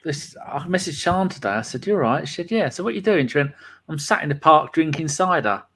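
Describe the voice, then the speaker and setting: A man bantering on a podcast with a fairly high voice. He teases his co-host and swears freely in a relaxed, casual way. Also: brisk. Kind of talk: casual chat.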